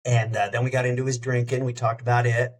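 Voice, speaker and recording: A man who hosts a radio show, telling a story in a casual, lively way as a podcast guest. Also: mid-range voice, quick pace. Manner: lively anecdote-telling, acts out quoted dialogue.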